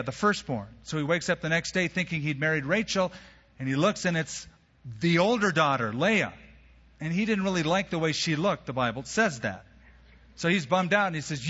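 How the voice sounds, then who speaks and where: A man preaching a sermon, telling the story in a casual, lively way and acting out the characters' lines in everyday phrasing. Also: a little high. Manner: storytelling, acts out biblical dialogue in casual modern phrasing. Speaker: pastor. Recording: dull sound, long hall reverb.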